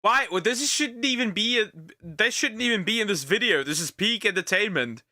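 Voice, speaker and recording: A male streamer reacting to videos, excitable and profane, often stammering. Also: sits high, moderate pace, no echo, clean studio sound. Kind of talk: reaction commentary.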